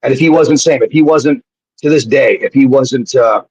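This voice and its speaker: A husky-voiced man talks as a guest on a live show. He tells rambling, profane anecdotes and keeps restarting his sentences. The sound is dry and muffled, like a lo-fi feed. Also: mid-range voice, normal speed, a little mellow, no room sound. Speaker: guest, former pro wrestler. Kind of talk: casual storytelling on a live show. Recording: dull lo-fi sound.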